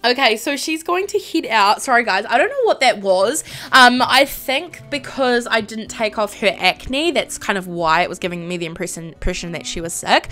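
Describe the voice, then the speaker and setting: A woman's voice: on the high side, animated, moderate pace, few pauses, fairly bright tone. A young woman streaming a live let's play, chatting emotionally about the game with lots of filler ums.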